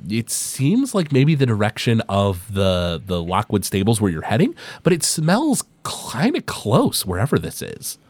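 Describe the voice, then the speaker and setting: Low-voiced man running a tabletop game. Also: huge pitch swings, darkish tone, dry recording. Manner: halting narration with many uhs. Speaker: game master.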